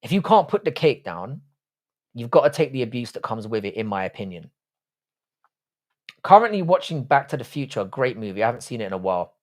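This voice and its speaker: A man's voice: medium pitch, sing-song, fairly quick. A man in his forties with an English accent, hosting a casual livestream, greeting viewers by name and trading blunt, crude jokes full of swearing. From England. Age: 40s. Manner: greeting and reading out viewer chat. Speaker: livestream host.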